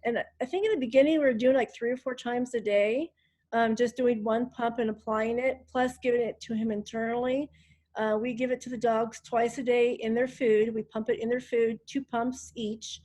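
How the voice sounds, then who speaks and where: A woman's voice: a little high, fairly even intonation, moderate pace, dark tone. Chatty woman hosting a call. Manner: chatty, with frequent ums. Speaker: host of a group wellness call. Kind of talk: casual chat on a group call. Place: hotel room. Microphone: online group call.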